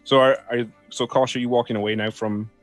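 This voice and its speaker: A man's voice: medium pitch, level tone, a little fast, no room sound, faint music behind. A man narrating as game master in an easygoing, often laughing way.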